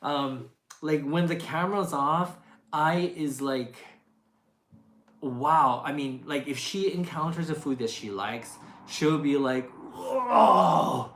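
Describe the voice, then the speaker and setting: A woman who makes food videos answers questions in a casual Q&A chat, her low-pitched voice taking it slowly with a little hiss or hum. The room is echoey with faint music behind, and she fills her talk with fillers, restarts and laughs.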